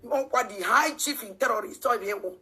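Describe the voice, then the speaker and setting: High bright ranting Nigerian woman. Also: brisk. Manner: animated, ranting, mixing languages. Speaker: online commentator. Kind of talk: heated commentary rant.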